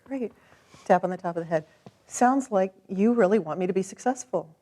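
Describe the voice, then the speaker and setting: A woman leads a tapping session with calm encouragement. Her voice sits in a middle range. She gives instructions gently and steadily. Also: mid-range voice, a little fast. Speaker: tapping coach. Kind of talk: guided coaching session.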